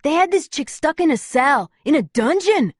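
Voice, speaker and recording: A jittery young shapeshifter girl, as a woman narrator puts her on, twitchy and quick to take offence. Her voice sits a little higher than the narration and is recorded dry and close. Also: sing-song, dry recording. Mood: indignant. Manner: hyper, fidgety, indignant.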